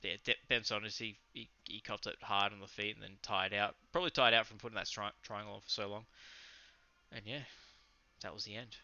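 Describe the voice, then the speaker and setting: A young Australian man co-hosts a casual fight recap podcast, talking loosely and enthusiastically with some swearing and rambling. His voice sits on the low side with fairly even intonation, a slightly fast pace and a sharp tone. The recording is dry but slightly muffled and lo-fi.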